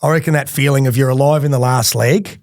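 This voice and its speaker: A man's voice: mid-range voice, steady tone, fast, a little mellow, dry recording, studio quality. A middle-aged Australian man, a podcast guest, telling casual stories with lots of laughing and swearing. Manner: laughing, swears freely, rambling anecdotes. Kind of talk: casual storytelling.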